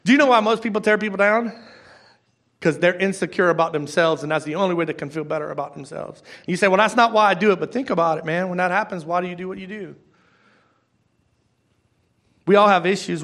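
A man's voice: high-pitched, fairly even intonation, quick pace, fairly bright tone. A male pastor preaching a sermon in a conversational way, repeating key phrases and asking the congregation direct questions.

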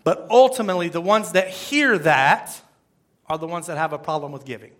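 High-voiced pastor preaching casually. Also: male voice, a little fast, a bit bright. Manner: rambling, repeats words, asks the congregation questions. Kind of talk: conversational sermon.

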